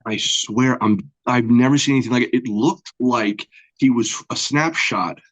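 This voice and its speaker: A man telling stories in a casual interview, with a mid-range voice. He rambles, restarts and fills gaps with little sounds. He gets animated and puts on voices for the people in his tale. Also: medium pitch, normal speed, low-quality recording. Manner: rambling with many fillers and restarts. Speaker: guest comic book artist.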